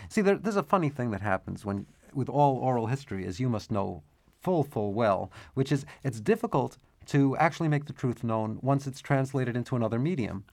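A man with a gravelly, mid-pitched voice talks through his work as an author and cartoonist in a radio interview. He is thoughtful and restarts his sentences as he searches for words. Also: animated, a little fast. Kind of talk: interview, reading his book aloud.

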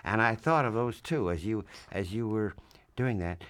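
A man hosting a broadcast interview, speaking haltingly with restarts and fillers. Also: fairly low pitch, lively intonation, fairly bright tone, clear, resonant tone. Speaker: radio host.

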